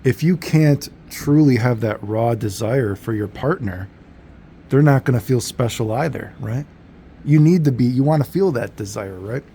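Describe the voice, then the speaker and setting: A man's voice: mid-range voice, lively intonation, moderate pace, warm tone, slight background noise. A man telling a story in a casual, rambling monologue, laid-back and full of fillers and self-corrections. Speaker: vlogger.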